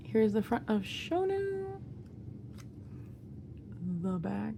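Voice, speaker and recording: A woman's voice: mid-range voice, sing-song, measured pace, vocal fry, long pauses, warm tone, a little hiss or hum. A young woman, gushing and giggling as she unboxes albums in a casual vlog. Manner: giddy, gushing, laughs often. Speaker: unboxing vlogger. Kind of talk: excited casual unboxing chat.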